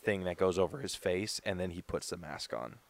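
A man's voice: low voice, brisk, vocal fry, dry recording. A man co-hosting a podcast in casual chat, laid-back and loose, full of filler words. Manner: laid-back, lots of "like" and "dude". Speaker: podcast co-host.

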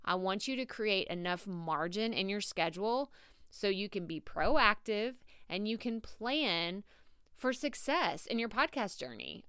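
A woman with a Texan Southern drawl hosts a solo podcast, offering chatty, direct tough-love advice to listeners she calls "y'all." Her mid-range voice is a bit bright and clean, captured in clean studio sound with no room echo.

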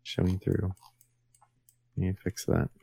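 A man's voice: low voice, monotone, unhurried, gravelly, dark tone. A man co-hosting a casual podcast who gives short, dry replies and points out small details. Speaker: podcast co-host. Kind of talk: casual chat.

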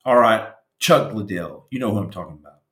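A man's voice: on the low side, expressive, a little fast, a bit bright, reverberant. A man hosting a podcast, telling stories in an impassioned, preachy motivational style that turns raw and emotional. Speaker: podcast host, former Navy SEAL.

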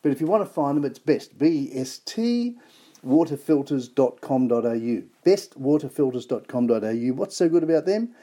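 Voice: mid-range voice, animated, normal speed, warm tone. A host with an Australian accent gives enthusiastic, casual product talk, spelling out web addresses letter by letter.

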